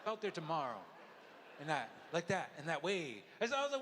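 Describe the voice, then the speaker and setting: A man's voice: a little high, very animated, brisk, fairly bright tone, slight background noise. A man from Oklahoma emceeing a live show on a theatre stage, loose and joking. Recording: theatre with crowd.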